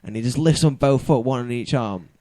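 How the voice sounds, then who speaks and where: A man's voice: mid-range voice, brisk, dark tone, dry recording. Young man telling rambling stories. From United Kingdom. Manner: rambling storyteller, laughs through his tales. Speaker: guest. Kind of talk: casual chat.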